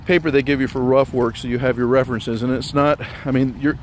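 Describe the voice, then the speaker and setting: A man giving a casual music theory lesson, explaining step by step in a relaxed, rambling way and sounding slightly out of breath. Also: medium pitch, fast talker, noisy background.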